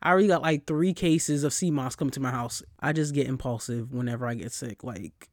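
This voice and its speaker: A man's voice: medium pitch, brisk, dry recording, studio quality. A man hosting a casual solo podcast, ranting and telling stories with lots of swearing while he gets over a cold. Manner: profane, animated storyteller. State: recovering from a cold. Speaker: podcast host.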